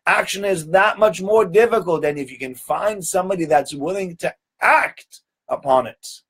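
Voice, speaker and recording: A man teaching a weekly Torah lesson, telling stories in an animated way and often repeating words. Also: high-pitched, normal speed, slightly rough.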